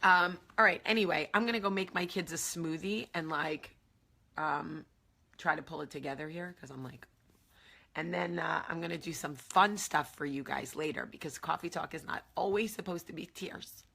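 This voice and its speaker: A forty-year-old vlog host gives a candid, tearful confession, raw and repetitive, with asides dropped to a whisper. Her deep voice is gravelly, husky, and sharp, moving at a moderate pace.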